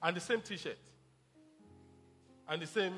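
A man's voice: sits high, slow, a bit bright, soft background music. A man preaching a sermon as pastor, emphatic, calling out to the congregation and mixing in jokes.

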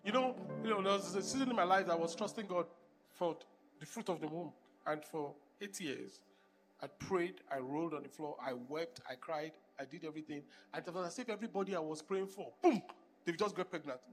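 A man preaching a sermon with sung worship, impassioned, swinging between hushed and loud lines. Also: on the high side, a little fast. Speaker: pastor.

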